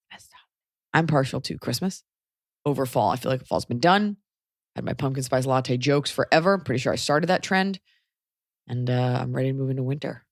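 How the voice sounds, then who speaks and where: A woman's voice: extremely low pitch, vocal fry, no room sound, studio quality. A woman hosting a podcast in a casual, playful, jokey chat. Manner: playful, jokey, sing-song bits. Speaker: podcast host.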